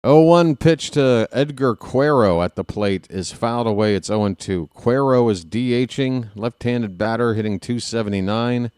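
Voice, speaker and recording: A man's voice: moderate pace, few pauses, darkish tone, clean tone, no room sound, studio quality. Chatty man calling baseball play-by-play. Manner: casual, chatty, reads viewer names between pitches. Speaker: play-by-play streamer. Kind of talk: live play-by-play with chat shout-outs.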